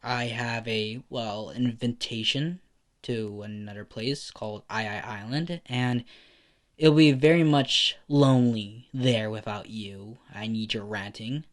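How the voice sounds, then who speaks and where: Casting: hesitant, soft-spoken teen boy, played by a man in a fan story. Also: medium pitch, close to an everyday voice. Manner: hesitant, halting.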